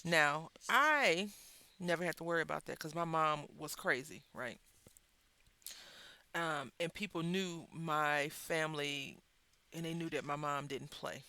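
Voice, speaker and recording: A woman hosting a crafting video, telling a story in a chatty, animated way with wry asides while she works at her craft table. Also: low-pitched, unhurried, clear, resonant tone. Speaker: craft channel host.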